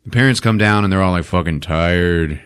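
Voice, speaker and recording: A man's voice: low-pitched, normal speed, a bit bright, clear, resonant tone. A man hosting a podcast, recapping a movie in a casual, profane way, laughing often and acting out characters.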